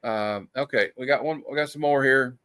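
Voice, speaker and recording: A man hosting a casual streamed show, reading old comic panels aloud with quick put-on voices and frequent laughter. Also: mid-range voice, a bit bright, no room sound. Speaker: host. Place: streamed show, live online.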